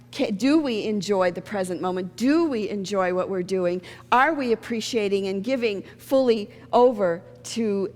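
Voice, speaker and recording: A woman's voice: fairly high pitch, big-room sound. A woman minister giving a sermon in a conversational, storytelling way, acting out the people in her stories. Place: church sanctuary.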